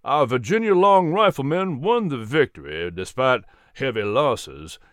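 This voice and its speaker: An actor playing an earnest colonial colonel. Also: male voice, mid-range voice, big pitch swings, unhurried, fairly bright tone, no room sound, clean studio sound. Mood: sober.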